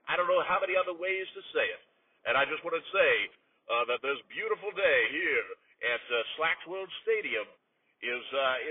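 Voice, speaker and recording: A man doing a comedic mock baseball play-by-play, rambling and halting with many uhs, breaking into profane outbursts. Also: a little high, slightly rough, dry recording, far from the mic, narrow, tinny audio.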